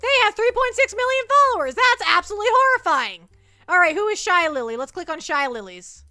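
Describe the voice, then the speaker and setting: Very high, bright, excitable woman streamer. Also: fairly quick, soft background music. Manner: excitable, giggly, stammering. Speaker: VTuber streamer. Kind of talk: casual livestream chat.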